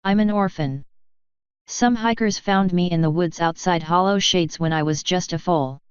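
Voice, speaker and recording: A woman's voice: on the low side, normal speed, clean tone, no room sound, natural voice. A woman voicing a young male pony, an orphan thief who brushes off sympathy, in a guarded, matter-of-fact way; dull lo-fi recording. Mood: reflective.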